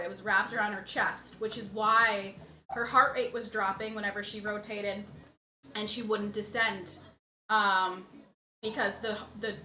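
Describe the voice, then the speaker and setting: Bright-voiced woman telling a story. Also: medium pitch, a little hiss or hum. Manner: animated, lively retelling. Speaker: streamer's partner, co-host. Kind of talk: casual storytelling chat. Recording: roomy echo.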